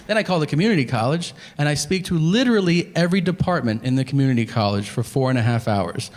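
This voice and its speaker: A man's voice: mid-range voice, sing-song, a little fast, crowd noise. A man doing stand-up comedy on stage, telling a story in an exasperated, profane way and acting out both sides of conversations. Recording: live stage recording with hall reverb.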